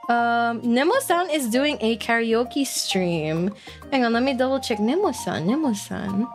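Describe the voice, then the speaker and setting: Faint background music plays as a female virtual streamer laughs her way through a casual, playful live-stream chat with viewers. Her voice is a little high and expressive, and she speaks at a measured pace.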